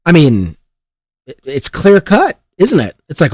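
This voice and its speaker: A man's voice: on the high side, huge pitch swings, unhurried, darkish tone, husky, dry recording. A man hosting a podcast, ranting in exasperated, profanity-laced commentary on the news. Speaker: podcast host.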